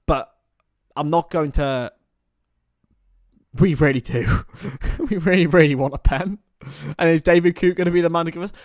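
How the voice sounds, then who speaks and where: A young man giving partisan live commentary on a football match for a fan watchalong, chatting casually between the action and getting loud at chances. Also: on the high side, no room sound, clean studio sound. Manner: partisan, rises to excited shouts at chances.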